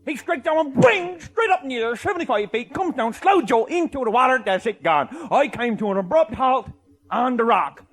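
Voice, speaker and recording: An older man telling a comic tall tale, boisterous and loud, often laughing as he talks. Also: very high voice, expressive, normal speed. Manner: boisterous, often shouting and laughing mid-sentence. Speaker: storyteller.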